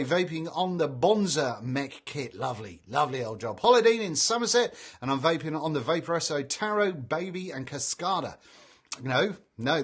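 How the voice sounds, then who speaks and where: A man's voice: on the high side, breathy edge. A man hosting a casual live stream, reading out viewer greetings in a chatty way and stumbling over names. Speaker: livestream host reading chat.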